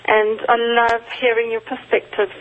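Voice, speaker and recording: A woman with a South African accent calling in to a radio show, polite and soft-spoken. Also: on the high side, monotone, moderate pace. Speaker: caller. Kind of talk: call-in conversation. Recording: tinny phone line.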